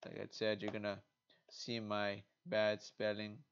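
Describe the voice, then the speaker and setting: A man's voice: lowish voice, completely flat delivery, a little slow, creaky, clean tone. A sleepy man hosting a casual card game vlog late at night, rambling playfully and talking to himself as he browses. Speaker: card game video host. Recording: dull lo-fi recording.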